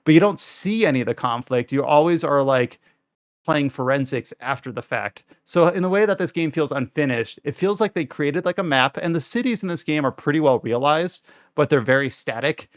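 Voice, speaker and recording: A man's voice: fairly high pitch, expressive, moderate pace, no room sound, clean studio sound. A man co-hosting a podcast, giving a casual, rambling review with lots of fillers and restarts. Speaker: podcast co-host reviewing games.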